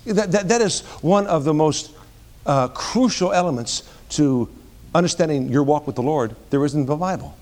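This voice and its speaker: A middle-aged man preaching a sermon, swinging from loud emphatic peaks to hushed asides and often repeating words as he restarts phrases. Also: fairly high pitch, lively intonation, normal speed. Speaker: pastor.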